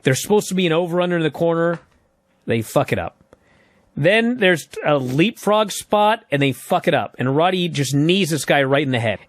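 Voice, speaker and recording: Animated, swearing man telling a story. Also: sits high, dry recording, clean studio sound. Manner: profane, lively play-by-play retelling with acted-out quotes.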